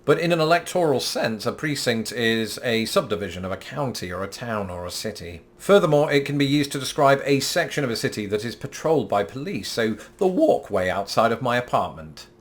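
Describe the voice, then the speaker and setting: A British man hosts a scripted explainer vlog from his apartment at a middling pitch. He is playful and self-mocking, and he fights off giggles. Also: very animated, a little fast, hardly any pauses. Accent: British English. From Britain. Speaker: YouTube host.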